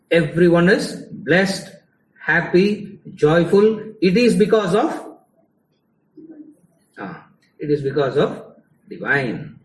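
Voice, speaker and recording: Man, Tamil-English accent, teasing lecturer's manner, slightly high voice, roomy hall, heard from a distance. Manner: conversational, teasing the audience, mixing English and Tamil. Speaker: spiritual lecturer. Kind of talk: live lecture to a class. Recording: echoey hall, mic at a distance.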